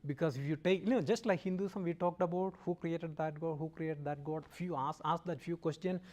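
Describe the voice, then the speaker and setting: A man's voice: on the high side, a little fast, a little mellow. A man lecturing a student group in a conversational way, often checking in with "okay?" and joking lightly with the audience. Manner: checks in with listeners, frequent "okay?". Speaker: guest lecturer.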